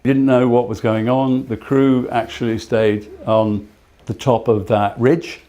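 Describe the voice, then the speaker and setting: An older man giving a talk, telling personal stories in a halting way with frequent restarts. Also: mid-range voice, flat delivery, mellow, lo-fi sound.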